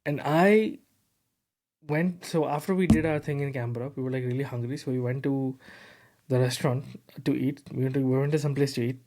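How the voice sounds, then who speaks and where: A man hosting a tech podcast, telling a story in a lively, casual way with lots of fillers and repeated words. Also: mid-range voice, fairly quick. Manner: animated, repeats words, heavy fillers like "bro" and "you know". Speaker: podcast host.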